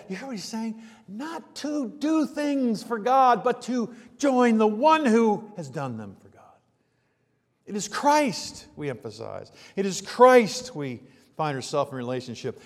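A male preacher delivering a sermon, swinging between loud emphatic peaks and hushed low passages. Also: big pitch swings, a little slow, in a large hall.

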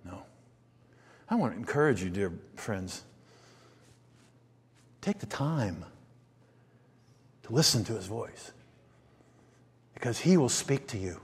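A man preaching a conversational sermon, asking rhetorical questions and dropping quiet before lifting his voice again. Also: fairly low pitch, sing-song, slow pace, pauses often, husky. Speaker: pastor. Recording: long hall reverb.

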